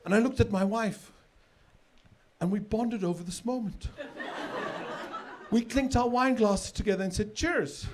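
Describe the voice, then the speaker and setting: A middle-aged man from South Africa doing a stand-up comedy set on stage, chatty and loose, with sudden shouted punchlines. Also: high voice, measured pace, pauses often, background noise. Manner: conversational, with filler repeats and sudden shouted punchlines. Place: comedy stage with a live audience. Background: audience laughter.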